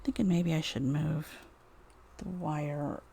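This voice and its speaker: A woman's voice: deep voice, steady tone, takes it slowly, gravelly, mellow, breathy edge, no echo. A woman streaming a live craft demo, muttering to herself while she works.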